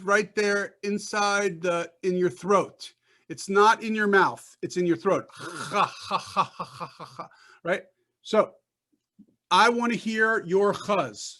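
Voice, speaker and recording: A man's voice: sits high, fairly bright tone. A man teaching a Hebrew class over a video call, patient and repetitive, often checking whether students follow. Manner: patient, repeats and checks understanding.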